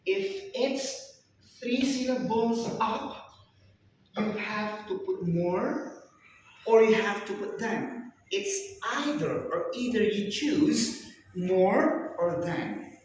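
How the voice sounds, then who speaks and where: A man's voice: high voice, lively intonation, takes it slowly. A male teacher leading a classroom grammar lesson, strictly drilling his students with repeated questions. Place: echoey classroom. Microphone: camera at a distance. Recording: echoey room recorded from far off with faint noise.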